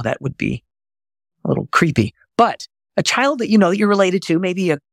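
A middle-aged man hosting a podcast voice lesson, animated and often jumping high to demonstrate. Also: vocal fry, no echo, studio quality. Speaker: voice coach and podcast host.

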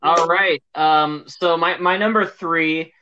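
Bright-voiced man, halting and hesitant. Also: a little high, fairly even intonation, dull audio, slight background noise. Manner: halting, many fillers and restarts. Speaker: podcast co-host. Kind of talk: casual movie chat.

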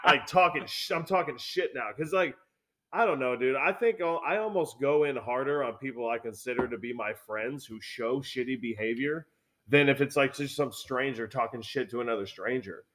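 A man telling a work story in a casual, profane chat, acting out the lines of coworkers with animated delivery. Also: medium pitch, normal speed, slight background noise. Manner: animated, swears a lot, acts out coworkers' lines.

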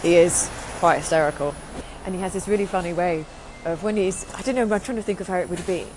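A woman's voice: fairly low pitch, fast talker. A woman from England, chatting casually on her podcast in a rambling way with frequent restarts. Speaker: podcast host. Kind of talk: casual chat. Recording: noisy background.

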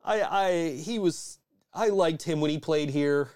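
A man's voice: on the high side, a little slow, a little mellow, clear, resonant tone. A man hosting a podcast in casual chat, swearing freely and rambling with many restarts. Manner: profane, rambling, frequent restarts and laughs. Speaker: podcast host.

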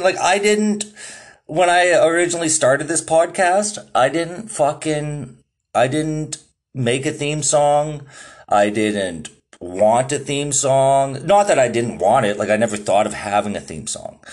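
A young man hosting his own podcast, telling a rambling, profane story in casual chat and laughing often. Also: fairly high pitch. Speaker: podcast host.

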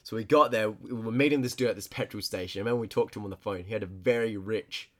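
A man's voice: on the low side, fast, a bit bright. A young man hosting a podcast, telling a story in casual chat, often laughing as he rambles. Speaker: podcast host. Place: storehouse.

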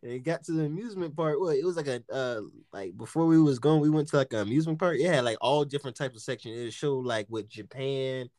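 In casual chat, a man tells an animated, profane story, laughing often and acting out what people said. His medium-pitched voice moves quickly with few pauses, captured in studio quality with no echo.

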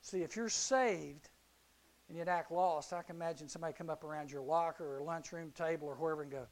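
A man with a high voice delivers a youth sermon. He tells the story animatedly, slipping into different characters and rising to shouts at the peaks. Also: a little fast. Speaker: youth preacher.

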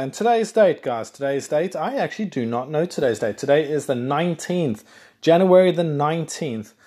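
A chatty man from South Africa hosts his own podcast alone, wandering from topic to topic and correcting himself often. His voice sits a little higher than most men's, and he breaks into excited bursts now and then. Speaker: podcast host. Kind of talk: casual solo podcast chat.

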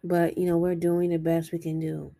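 A woman talking to camera in an earnest, self-encouraging and sometimes halting way in a personal confessional vlog. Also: fairly low pitch, monotone, vocal fry, warm tone, no room sound. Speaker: vlogger.

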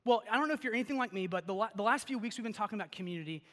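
Rapid-fire and animated, a young male pastor with a bright, high voice rambles through personal stories in a casual sermon, sprinkling in lots of "like" and "okay?". He's in a church sanctuary, and the large hall's long reverb trails his words.

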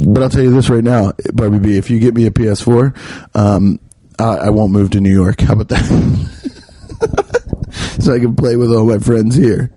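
A man's voice: on the low side, steady tone, moderate pace, dark tone, no room sound. A man in his thirties, a podcast host, rambling through a profane, self-mocking comedic monologue. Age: 30s.

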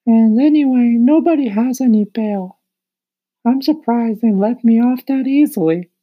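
A man voicing a gentle, earnest young male cricket in an audiobook, sincere and soft-spoken. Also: extremely high pitch, a little slow, phone-quality sound. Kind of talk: audiobook character voice.

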